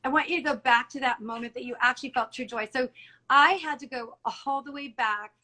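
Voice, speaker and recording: A woman's voice: high voice, brisk, pushed and bright, poor audio. A middle-aged woman talking earnestly and emotionally in an interview, often retelling conversations. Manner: earnest and emotional, many restarts and quoted dialogue. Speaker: salon owner guest. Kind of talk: candid interview talk.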